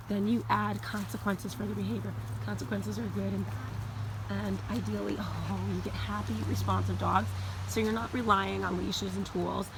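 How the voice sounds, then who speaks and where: A woman dog trainer talking casually while working her dogs off leash outdoors, now and then calling them loudly. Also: medium pitch, gravelly. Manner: chatty, loud recall calls to her dogs. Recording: noisy outdoor recording. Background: dogs playing.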